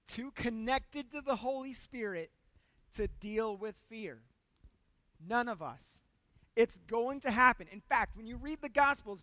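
A preacher talks to the congregation in a loose, conversational way, cracking jokes and doubling up words to drive a point home. The delivery jumps between loud emphasis and hushed, confiding asides. The voice sits at a middle pitch and sounds close and dry. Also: no echo. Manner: casual and humorous, repeats words when emphasizing. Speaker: pastor. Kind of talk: conversational sermon.

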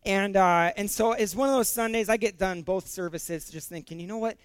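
A man's voice: sits high, normal speed, clear, resonant tone, no room sound. A middle-aged male pastor preaching a sermon in a conversational way, with fillers and repeated words, rising to emphatic peaks.

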